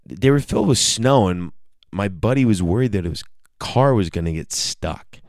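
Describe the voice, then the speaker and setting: Young male podcast host, very low voice, slow rambling comic delivery, dry close sound. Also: a little mellow, no echo. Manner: rambling, self-interrupting, profane. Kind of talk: casual comedic storytelling.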